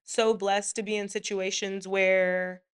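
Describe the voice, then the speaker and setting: A woman's voice: medium pitch, level tone, a little slow, smooth. A woman guest who is a soldier and a single mother, speaking earnestly and encouragingly in a casual chat.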